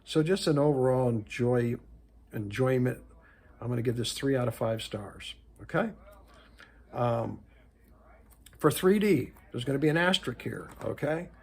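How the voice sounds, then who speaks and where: A man's voice: medium pitch, expressive, measured pace, creaky, long pauses, husky. A man in his sixties talking through a casual home-video movie review in an emphatic, rambling way, often correcting himself. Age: 60s.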